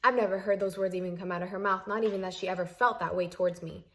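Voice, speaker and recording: A young woman recounting a family fight to her viewers, her pitch sitting in an ordinary middle range. She sounds exasperated and emphatic, and she circles back to hammer the same point again and again. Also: steady tone, fast, fairly bright tone. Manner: repeats herself for emphasis. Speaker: vlogger. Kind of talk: storytime vlog.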